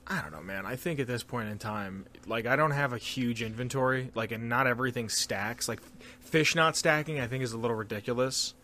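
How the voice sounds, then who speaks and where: A man's voice: mid-range voice, a little fast, sharp tone, slight background noise. A young man co-hosting a podcast, talking bluntly and animatedly, with casual swearing. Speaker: podcast co-host. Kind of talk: casual chat.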